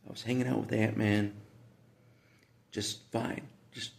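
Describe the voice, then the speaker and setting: A man's voice: lowish voice, little pitch movement, measured pace, creaky. A man talking casually to the camera in a rambling monologue, repeating himself with frequent asides.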